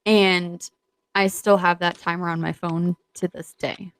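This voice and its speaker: A woman co-hosting a podcast in casual chat, speaking hesitantly with many fillers and trailing off softly. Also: lowish voice, flat delivery, a little slow, smooth. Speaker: podcast co-host.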